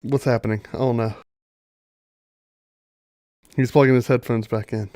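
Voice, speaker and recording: A man's voice: mid-range voice, fairly even intonation, moderate pace, pauses often, warm tone. A man running a tabletop fantasy game on a livestream, narrating scenes playfully and laughing with his players. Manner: playful descriptive storytelling, breaks into laughter. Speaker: game master.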